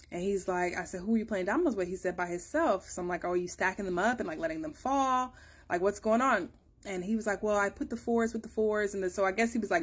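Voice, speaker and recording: A woman in her thirties chats casually to her viewers, telling a long story in an everyday voice of middle pitch. When she repeats her own questions, her voice jumps up with disbelief. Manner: chatty storytelling, acts out dialogue with rising pitch. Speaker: mother giving a family update. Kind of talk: casual chat to camera.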